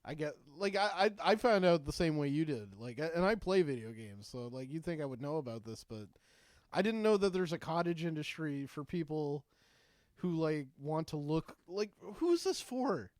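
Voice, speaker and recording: A man's voice: fairly high pitch, big pitch swings, normal speed, a little mellow, no room sound. A man co-hosting a podcast in casual comedic chat, riffing with joking asides. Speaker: podcast co-host.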